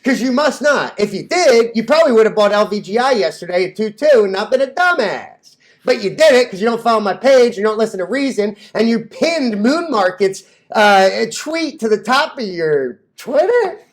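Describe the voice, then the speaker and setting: A young man talks in a cocky, brash vlog rant about trading. His voice sits high for a man. He jokes loosely and laughs at his own lines. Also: big pitch swings, moderate pace. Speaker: stock vlogger.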